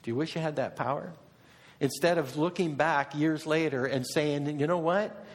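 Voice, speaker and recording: A man's voice: fairly high pitch, fairly even intonation, moderate pace. A middle-aged man preaching a sermon in a conversational way, asking his listeners question after question. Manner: conversational, asks the congregation repeated questions. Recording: long reverb of a hall.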